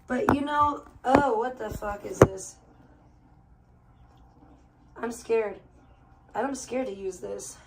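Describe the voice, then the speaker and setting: A woman's voice: a little high, slow, long pauses, background noise. A middle-aged woman live streamer in casual chat, talking candidly and emotionally to her viewers and swearing freely.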